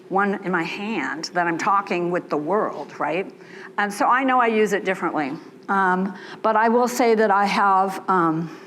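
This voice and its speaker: A woman's voice: medium pitch, fairly bright tone, a little hiss or hum. Candid older woman giving a keynote. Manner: candid and chatty, frequent 'right?' and 'um'. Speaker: keynote speaker. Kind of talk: conference keynote talk. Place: conference hall.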